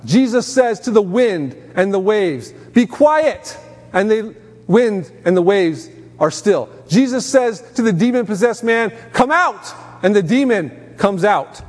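A man's voice: high voice, lively intonation, a little slow, darkish tone. A man preaching a sermon, emphatic, lifting his voice sharply on quoted commands. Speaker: pastor. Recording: long hall reverb.

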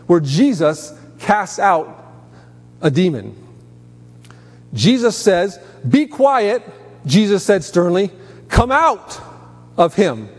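A man's voice: high voice, darkish tone, slightly rough. A man preaching a sermon, emphatic, lifting his voice sharply on quoted commands. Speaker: pastor. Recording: long hall reverb.

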